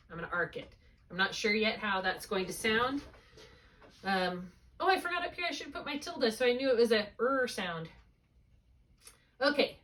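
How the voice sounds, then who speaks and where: A woman's voice: medium pitch, bright, forceful tone, distant mic. Patient woman tutor, slightly off-mic. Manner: patient, thinking aloud step by step. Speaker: reading tutor. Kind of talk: one-on-one spelling lesson.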